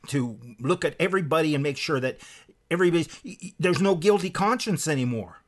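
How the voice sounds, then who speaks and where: Fiery preaching man, fairly high voice. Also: lively intonation, fairly quick. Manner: emphatic, with sharp swings in pitch and loudness; reads quotes aloud from a book. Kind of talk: impassioned sermon-style lecture.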